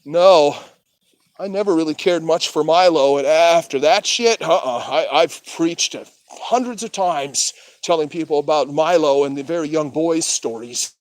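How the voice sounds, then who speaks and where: Man, high voice, profane casual rant, laughs between remarks. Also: a little slow, a little mellow, dry recording. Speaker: street vlogger.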